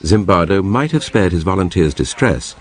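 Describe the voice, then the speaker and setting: Man, documentary narrator, very deep, animated delivery, soft music. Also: normal speed.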